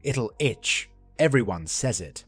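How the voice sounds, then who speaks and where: A man reading the lines of a sharp, questioning wife in her forties in a dry, plain voice. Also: medium pitch, expressive, slow pace, husky, no room sound, faint music behind, full character voice. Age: 40s. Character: upset middle-aged wife, woman.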